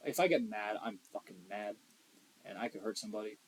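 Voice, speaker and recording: A man's voice: fairly low pitch, fairly quick, a little hiss or hum, low-quality recording. Blunt, profane young man on a podcast. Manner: blunt, profane, emphatic, swings between loud and quiet. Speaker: podcast co-host. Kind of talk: casual podcast chat.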